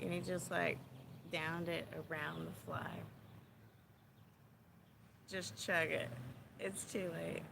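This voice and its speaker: A woman's voice: lowish voice, creaky, noisy background. A tipsy woman vlogging into a handheld phone, chatty and profane, rambling as she thinks aloud. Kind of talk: casual rambling vlog.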